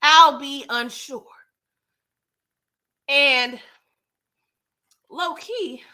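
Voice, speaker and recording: High-pitched bright-voiced woman ranting. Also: extremely slow. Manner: animated, expressive, frequently cursing. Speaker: TV show recap YouTuber. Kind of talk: casual episode review rant. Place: at home.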